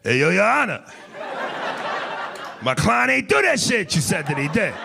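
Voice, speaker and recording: A man doing an impression of a gruff rapper playing a defense lawyer, shouting in street slang, recorded in a noisy live club with a crowd. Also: high voice, big pitch swings, moderate pace, voice pushed up, full character voice. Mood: brash.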